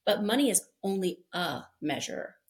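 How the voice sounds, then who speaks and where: Animated woman telling motivational stories. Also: medium pitch, normal speed. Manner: animated storyteller, acts out quotes, laughs often. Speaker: guest. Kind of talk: podcast interview, motivational storytelling.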